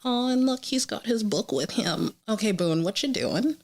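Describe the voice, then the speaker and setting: A woman co-hosting a podcast in casual chat, quick and teasing as she reads out her wry reactions. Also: a little high, animated, gravelly. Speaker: podcast co-host.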